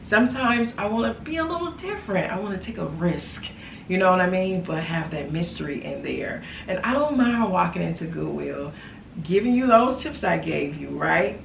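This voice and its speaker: A woman chatting in a casual haul vlog, animated and repeating phrases for emphasis. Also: fairly low pitch, moderate pace, creaky. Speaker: lifestyle vlogger. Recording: echoey room, far from mic, background noise.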